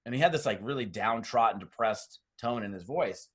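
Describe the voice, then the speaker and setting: A man's voice: mid-range voice, a little fast, husky. A middle-aged man giving blunt, tough business training on a webinar, telling stories with acted-out dialogue. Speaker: network marketing trainer. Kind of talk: motivational webinar talk. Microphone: webinar mic.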